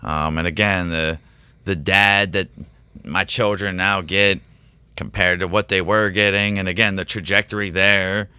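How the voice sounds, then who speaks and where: Excitable rambling male teacher, crisp and bright. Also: deep voice, measured pace, no echo. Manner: rambling, excitable, quotes himself in animated voices. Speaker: teacher and podcast guest. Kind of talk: casual storytelling in a podcast interview.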